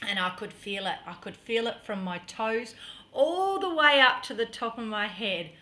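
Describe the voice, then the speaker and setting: A middle-aged woman vlogger telling a personal story in an earnest, dramatic way, sometimes dropping to a hush. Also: on the high side, lively intonation, moderate pace. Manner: earnest, dramatic storytelling that drops to hushed tones.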